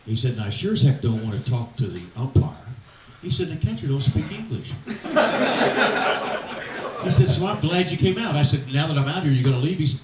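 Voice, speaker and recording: An older man tells rambling, folksy baseball-life stories, pausing on fillers and acting out what others said. He sounds a bit distant from the mic, with hall reverb and a faint background hiss. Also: a little high. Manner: folksy anecdotes, quoting others in animated voices, halting fillers. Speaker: retired pitching coach telling stories. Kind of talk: after-dinner storytelling speech. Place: event hall.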